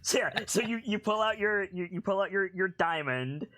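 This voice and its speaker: A man narrating a tabletop game as game master, animated and giggly, often restarting his sentences. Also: high voice, moderate pace.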